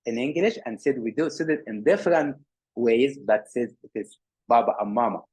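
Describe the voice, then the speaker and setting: A man giving a workshop lecture on physical therapy, animated, often repeating words and restarting. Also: mid-range voice, moderate pace, husky. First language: Arabic.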